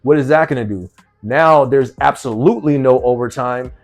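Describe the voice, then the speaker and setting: A man's voice: mid-range voice, moderate pace, soft background music. Chatty man from New Jersey, laughing often. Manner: conversational, laughs often, rhetorical questions. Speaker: vlogger. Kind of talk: casual commentary reading an article.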